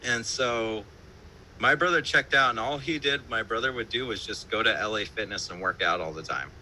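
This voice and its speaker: A man's voice: lowish voice, moderate pace, pushed and bright, a little hiss or hum, poor audio. A man, a band musician, telling stories in a casual interview over a live-stream call, loose and profane, full of fillers and laughter. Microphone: remote live-stream call.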